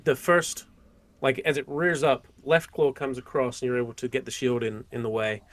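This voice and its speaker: A man narrating a tabletop game as game master, in a relaxed way with many fillers and restarts. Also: medium pitch, moderate pace.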